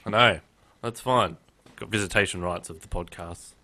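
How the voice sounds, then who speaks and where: A man co-hosting a podcast in casual chat, telling anecdotes with dry, deadpan humor. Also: deep voice, moderate pace. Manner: tells anecdotes. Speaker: podcast co-host.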